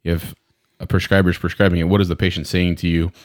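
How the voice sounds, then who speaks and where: A man's voice: low-pitched, fast, dry recording, clean studio sound. A man who works as a medical practitioner, talking casually and jokingly in a podcast conversation. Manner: animated, joking, acts out patients.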